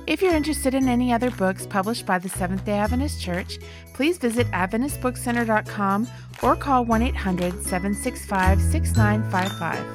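A woman reading the closing credits of a podcast in a measured, clear way. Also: a little high. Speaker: podcast announcer. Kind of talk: scripted credits announcement. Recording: loud children's music behind the voice.

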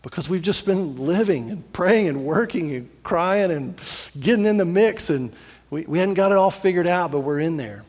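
A man preaching a sermon as pastor, animated and repetitive, acting out little voices as he tells a story. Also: sits high, normal speed, breathy edge, big-room sound.

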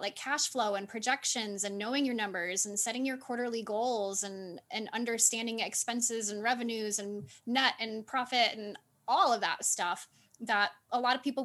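A woman's voice: on the high side, sharp tone. A woman in her thirties with a light Southern US accent, an upbeat guest and business owner chatting casually. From Southern United States. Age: 30s. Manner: upbeat, laughs easily. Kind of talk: casual interview chat.

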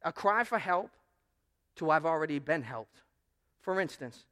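High-voiced animated pastor preaching. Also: male voice. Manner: animated, swings between loud proclamation and quiet asides. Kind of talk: sermon.

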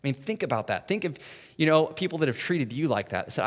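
A pastor preaches in a middle-pitched, everyday male voice, talking to his listeners as if in conversation and tagging his points with "right?". He drops to near-whispers and then swells to loud, urgent emphasis. A long reverb from the big hall trails behind every phrase. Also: expressive, brisk. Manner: swings from soft and hushed to loud and intense. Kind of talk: sermon.

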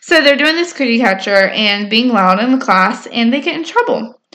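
Bright, chatty woman. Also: a little high, animated, normal speed. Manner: rambling, filler-heavy, chatty storytelling. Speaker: podcast co-host recapping episodes. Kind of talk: casual chat.

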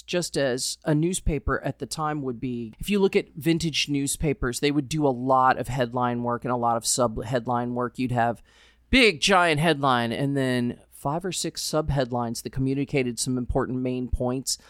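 A woman's voice: very deep voice, normal speed, no room sound, clean studio sound. A woman, a journalist, co-hosting a book podcast in a chatty, emphatic way. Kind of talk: casual book discussion and reading aloud.

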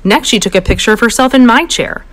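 A woman reading a children's picture book aloud in a playful storytelling voice. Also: fast talker. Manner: animated, playful, pitch jumps high for voices. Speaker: storybook reader.

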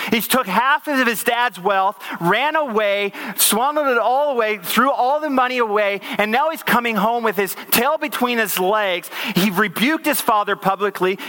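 A man in his thirties delivers a conversational sermon in a high, bright voice. He is earnest, throws out rhetorical questions and restarts his phrases as he talks. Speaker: preacher.

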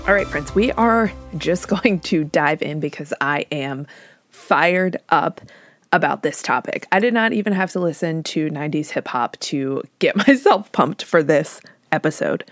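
A woman psychologist hosting a solo podcast, talking in an energetic, emphatic way and laughing often. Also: deep voice, a little slow, faint music behind. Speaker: podcast host, licensed psychologist.

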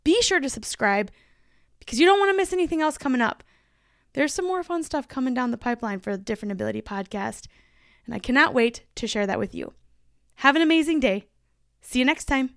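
A woman's voice: high voice, animated, fairly quick, music in the background. A woman hosting her own podcast in a chatty, emphatic solo monologue, laughing easily as she talks. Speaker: podcast host.

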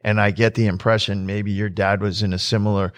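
Animated man telling stories, dry sound. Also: lowish voice, a little fast, dry recording. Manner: animated storyteller, acts out quotes, laughs often. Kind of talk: casual storytelling chat.

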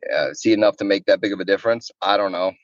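A man's voice: low-pitched, very fast, no echo. A man co-hosting a sports betting podcast, talking loosely and with plenty of animation. His voice sits mid-range, and the recording is dry and slightly dull. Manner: animated, laughing, swearing, voices others. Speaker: podcast co-host. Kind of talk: casual sports betting chat.

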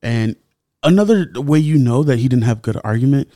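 A man's voice: medium pitch, moderate pace, no room sound. Indignant man, dry close sound. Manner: animated, indignant, rises sharply when heated. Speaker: podcast host. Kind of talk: casual solo commentary.

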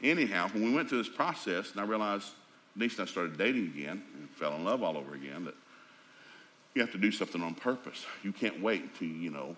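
A middle-aged man preaching a sermon in a folksy, animated, joking storytelling manner. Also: on the low side, fairly quick, a little hiss or hum.

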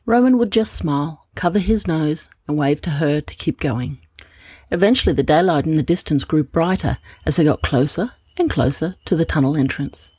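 A woman reads a storybook in a gentle, expressive way, her voice low and swinging widely up and down. The sound is husky and dry, close to the microphone. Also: no echo. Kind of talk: storybook reading.

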